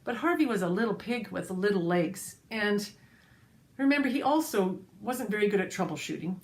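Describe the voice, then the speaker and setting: A woman storyteller tells a children's folk tale with lively expression. She speaks straight to her young listeners as she goes. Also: mid-range voice, moderate pace. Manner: expressive, addresses listeners directly.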